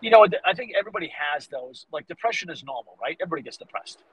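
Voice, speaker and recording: A man in his fifties with a Boston accent, a fitness coach talking on a podcast, animated and motivational, acting out quoted lines as he tells stories. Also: a little high, rapid-fire, slight background noise, poor audio. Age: 50s. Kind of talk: casual podcast conversation.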